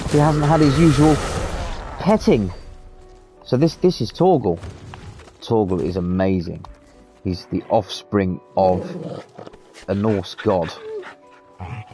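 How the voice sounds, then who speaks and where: A man's voice: fairly low pitch, dark tone. Sweary British man streaming a game. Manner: chatty, swears freely. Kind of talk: casual live gameplay commentary.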